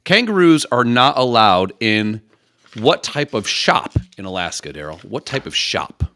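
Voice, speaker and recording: A man's voice: medium pitch, very animated, measured pace, sharp tone, a little hiss or hum. A man co-hosting a podcast, joking crudely and reading out trivia questions to his friend. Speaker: podcast co-host. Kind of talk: crude comedic banter.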